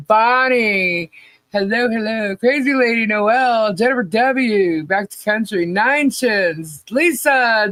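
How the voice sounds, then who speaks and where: Hoarse woman hosting a relaxed livestream. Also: medium pitch, no room sound. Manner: chatty, laughs often while greeting viewers. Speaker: podcast co-host. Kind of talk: casual livestream chat.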